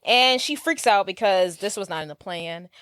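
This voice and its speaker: A woman co-hosting a podcast who narrates a movie's plot at a steady pace and chimes in with short agreements. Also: medium pitch, moderate pace, smooth, no room sound. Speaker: podcast co-host. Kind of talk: casual movie recap chat.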